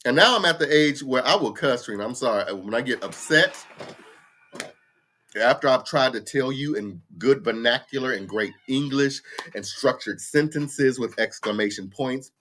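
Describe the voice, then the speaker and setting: Blunt, animated man in his fifties. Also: medium pitch, moderate pace, a little hiss or hum. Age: 50s. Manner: blunt, animated ranting with profanity and laughter. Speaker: livestream host. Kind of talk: casual livestream chat. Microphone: computer mic for a livestream.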